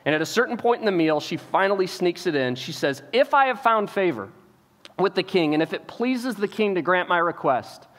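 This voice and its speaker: High-voiced preacher in a reverberant hall. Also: male voice, brisk. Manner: animated storytelling, acts out the characters' lines; repeats words when starting phrases. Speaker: pastor. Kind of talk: sermon. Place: church auditorium.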